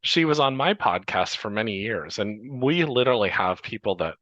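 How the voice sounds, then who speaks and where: A man who hosts a podcast, talking casually and relaxed, chuckling easily and filling gaps with ums. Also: lowish voice, normal speed, no echo. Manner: relaxed, laughs easily, chatty with fillers. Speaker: podcast host. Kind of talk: casual conversation. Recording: dry, dull lo-fi sound.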